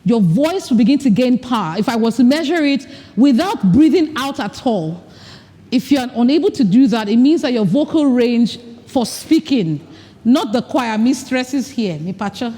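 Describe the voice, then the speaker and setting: High-voiced woman coaching in a big hall. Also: lively intonation, moderate pace, mellow. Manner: demonstrates with her voice and breath. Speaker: leadership coach. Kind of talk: workshop talk. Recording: long hall reverb.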